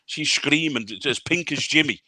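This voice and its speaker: A man, telling a family story in casual podcast chat, sentimental and quick to laugh. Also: on the high side, crowd noise. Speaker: podcast co-host.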